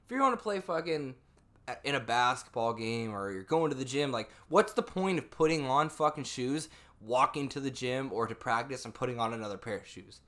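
A man's voice: mid-range voice, lively intonation, a little fast, fairly bright tone. A young man co-hosting a casual podcast, teasing his friend, laughing often and swearing freely. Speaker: podcast co-host. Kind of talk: casual chat.

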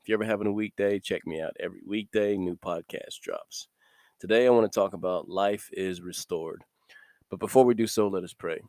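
A man giving a casual podcast sermon, reading scripture and explaining it in a relaxed, conversational way. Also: deep voice, brisk, dry recording, clean studio sound. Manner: casual, conversational, laughs between points. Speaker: podcast preacher.

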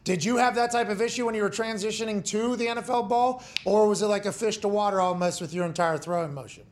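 A man hosting a sports talk show, asking long, rambling, energetic questions. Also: sits high, fast, slight background noise. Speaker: host.

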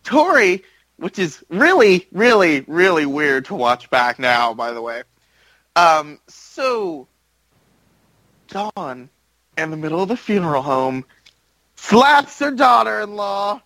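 A man co-hosting a podcast, telling a wrestling recap in a lively, animated way and acting out the lines. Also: sits high, no echo, rough recording. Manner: animated storyteller, acts out quotes. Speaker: podcast co-host. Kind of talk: casual chat recapping wrestling.

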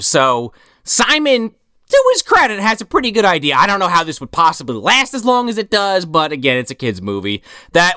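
A sarcastic woman recaps a film in casual, profane podcast banter, her pitch leaping widely from line to line. She is recorded dry on a close mic. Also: big pitch swings, moderate pace, sharp tone, no echo. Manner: sarcastic, swears freely, acts out characters in quotes. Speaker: podcast co-host. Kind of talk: casual movie recap chat.

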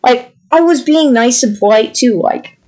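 A young woman co-hosting a podcast, casually telling a story in an exasperated, animated way and mimicking the people she quotes. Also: fairly high pitch, measured pace. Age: young adult. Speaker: podcast co-host.

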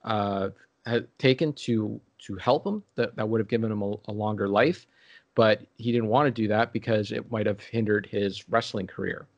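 A man's voice: on the low side, fairly even intonation, no room sound, dull audio. Guy rambling in a chill chat, stops and restarts a lot, dry close sound. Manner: rambling, halting, lots of restarts and fillers. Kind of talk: casual chat.

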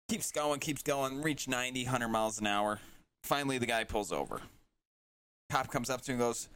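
A man's voice: mid-range voice, moderate pace, a bit bright. A man co-hosting a casual podcast, easygoing and steering the conversation. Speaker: podcast co-host.

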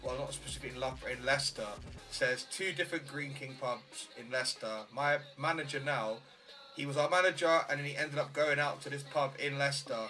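Man, mid pitch, bright tense voice, swearing chat, faint music behind. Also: fairly even intonation, fairly quick, poor audio. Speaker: podcast guest. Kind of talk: casual podcast chat.

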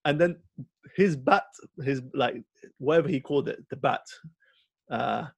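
A man co-hosting a podcast, chatting casually and rambling through an animated story with lots of fillers. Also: medium pitch, unhurried, creaky, breathy edge, no room sound. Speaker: podcast co-host. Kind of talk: casual film chat.

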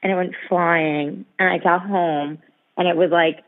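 A woman's voice: lowish voice, unhurried. Chatty woman on a tinny call. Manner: animated storytelling, heavy use of "like". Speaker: podcast co-host. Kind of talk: casual chat. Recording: tinny phone-line call.

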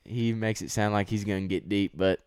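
A man's voice: lowish voice, smooth, dry recording, studio quality. A man from Texas with a Texan accent, telling a long story in casual podcast chat with lots of restarts and tangents. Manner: animated storyteller, drawn-out anecdotes with restarts.

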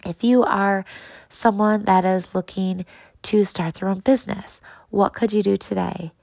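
Earnest woman podcast host, gravelly edge. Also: mid-range voice, steady tone, a little slow, a little mellow, no echo, poor audio. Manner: earnest, encouraging, speaks directly to listeners. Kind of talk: motivational podcast talk.

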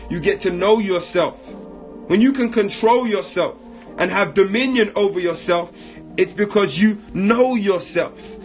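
A man giving an emphatic, repetitive motivational talk in slang while answering audience questions. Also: high voice.

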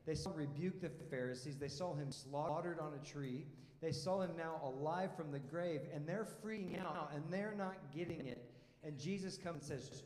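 A pastor delivers his sermon in a conversational, emphatic style, asking questions and repeating words as he goes. His voice sits a little high for a man. It rings through a roomy church hall with a long reverb tail. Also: moderate pace, a little mellow.

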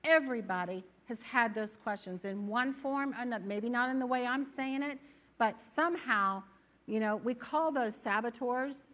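A woman preaching a sermon in a church, animated and conversational, often acting out the doubts of her listeners. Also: fairly high pitch, normal speed. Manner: animated, acts out inner voices.

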